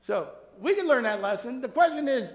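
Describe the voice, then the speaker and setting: High-voiced man preaching in an echoey church. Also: animated, fairly quick, lo-fi sound. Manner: earnest preaching, swinging between loud emphasis and soft asides. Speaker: pastor. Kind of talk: sermon. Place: church sanctuary with masked congregation.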